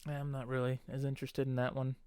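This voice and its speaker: A man's voice: medium pitch, completely flat delivery, fast, crowd noise. A man co-hosting a podcast in casual chat, laughing often and acting out movie lines. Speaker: podcast co-host.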